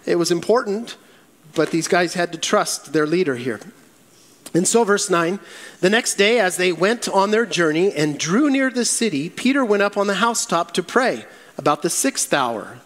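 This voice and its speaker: A male pastor preaching a sermon, acting out Bible quotes in a lively way. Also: high voice, in a large hall.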